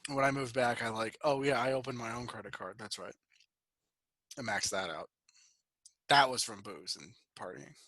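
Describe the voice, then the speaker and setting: Over a video call, a twenty-something podcast co-host chats loosely, rambling through stories and cursing without restraint. He speaks at a moderate pace in a medium pitch with a sharp tone, leaving long pauses. There's no echo.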